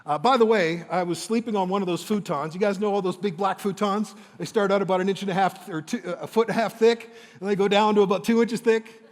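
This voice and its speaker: A man in his fifties, telling a personal story on stage as a motivational speaker, dramatic and emotional with slow, weighty pauses. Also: sits high, steady tone, long reverb tail. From Windsor, Ontario, Canada.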